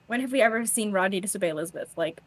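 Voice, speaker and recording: A woman's voice: medium pitch, racing, no echo. A young woman co-hosting a podcast in casual chat, talking animatedly and acting out quotes with laughs. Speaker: podcast co-host.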